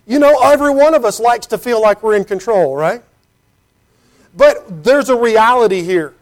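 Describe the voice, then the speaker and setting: High-voiced man preaching a sermon. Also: expressive, normal speed. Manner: earnest, conversational, with rhetorical questions; reads scripture in King James wording.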